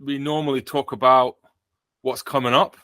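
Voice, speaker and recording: A man's voice: medium pitch, level tone, moderate pace, pushed and bright, dry recording. A British man hosting a podcast in casual chat, joking and rambling with frequent self-corrections. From Britain. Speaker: podcast host.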